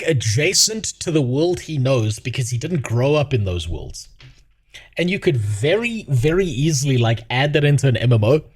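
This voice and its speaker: Lively, mocking male streamer. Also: mid-range voice, breathy edge. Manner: mocking, laughs often, rambling. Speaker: streamer host. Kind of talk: casual rant.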